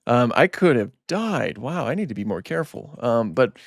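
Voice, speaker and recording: Lively, animated man playing a game. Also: medium pitch, normal speed, creaky, no room sound, clean studio sound. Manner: animated, easily startled, repeats himself. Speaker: gaming channel host. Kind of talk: casual let's-play commentary.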